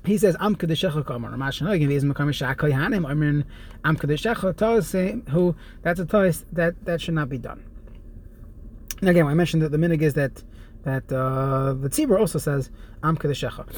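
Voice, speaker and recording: A man's voice: on the high side, darkish tone. Man teaching a Jewish law text. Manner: reads Hebrew phrases then explains in English, with pauses and restarts. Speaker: Torah teacher. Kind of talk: halacha lesson, reading and translating text.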